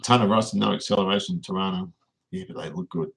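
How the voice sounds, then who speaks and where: A man's voice: sits low, fairly even intonation, quick pace, creaky, a bit bright, low-quality recording. An Australian man hosting a casual livestream, rambling and reading viewers' comments aloud as he answers them. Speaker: livestream host.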